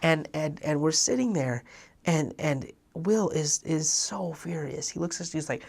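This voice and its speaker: A young man telling a personal story in a talk, animated and acting out the dialogue of the people in it. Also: fairly high pitch, measured pace, gravelly, slightly rough. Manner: animated, acts out quoted dialogue. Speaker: speaker.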